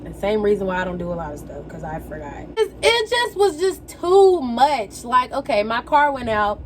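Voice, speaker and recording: A young woman telling a story in a casual, animated way, full of slang and quoted exclamations. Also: fairly high pitch, moderate pace, slight background noise. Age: young adult. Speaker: vlogger. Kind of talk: casual storytelling while getting ready.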